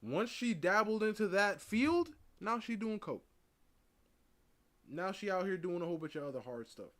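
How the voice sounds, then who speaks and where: A man giving casual, animated commentary while reacting to a true-crime video, often repeating "listen" and "right?". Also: sits high, moderate pace.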